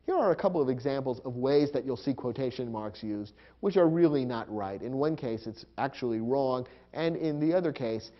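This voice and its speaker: A man's voice: medium pitch, lo-fi sound. A man teaching a grammar lesson, explaining punctuation rules step by step and spelling out marks aloud. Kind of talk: recorded lecture.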